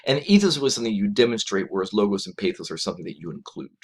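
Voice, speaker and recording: Male lecturer, lowish voice, conversational classroom delivery with frequent restarts. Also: rapid-fire. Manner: conversational, frequent "right?" tag questions and restarts; animated pitch jumps when quoting others. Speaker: college lecturer. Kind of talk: recorded lecture.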